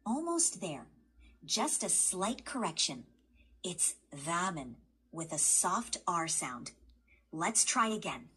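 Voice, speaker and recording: A synthetic woman's voice leads a guided language lesson. She speaks slowly in a very husky, low-pitched tone. She is patient and encouraging throughout. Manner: patient, encouraging, even-paced. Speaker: language tutor assistant.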